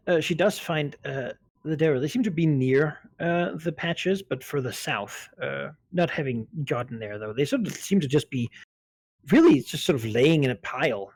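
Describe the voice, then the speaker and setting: Husky-voiced male game master, full of fillers. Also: mid-range voice, darkish tone, dry recording. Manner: hesitant, many fillers. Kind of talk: narrating a tabletop game.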